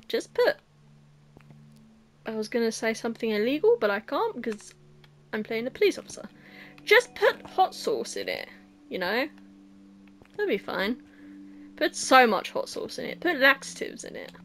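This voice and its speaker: Young woman, game commentary, sarcastic jokes, giggly, lively swooping voice, slightly high. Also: normal speed, long pauses, slight background noise. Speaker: let's play host.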